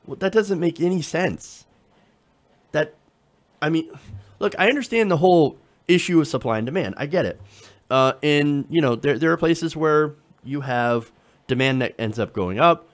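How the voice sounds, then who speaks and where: A man's voice: a little high, normal speed. A man hosting casual political commentary, talking conversationally with sarcasm and frequent fillers.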